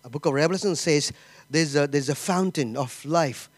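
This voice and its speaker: A middle-aged man giving an informal sermon, halting and repeating himself, often saying "you know" and "okay?". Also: a little high, no echo. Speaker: pastor.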